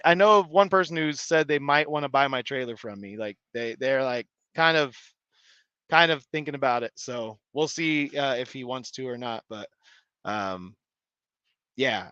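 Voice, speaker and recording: A man's voice: mid-range voice, moderate pace, bright, forceful tone, clear, resonant tone, no echo, lo-fi sound. A man hosting a live stream, chatting casually and rambling with many restarts and fillers. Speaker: live stream host reading chat. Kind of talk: casual chat.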